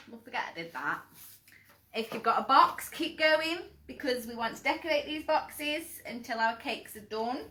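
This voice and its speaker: Bright, chatty woman in an echoey room. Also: a little high. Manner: chatty, encouraging, self-deprecating, calls out children by name. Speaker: children's cooking class host. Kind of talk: live-streamed kids' craft and cooking session. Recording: echoey room on a live stream.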